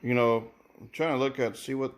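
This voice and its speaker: A man's voice: mid-range voice, fairly even intonation, fairly quick, a little hiss or hum. A man casually reviewing sneakers, thinking aloud with many repeated words and restarts. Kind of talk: casual unboxing commentary.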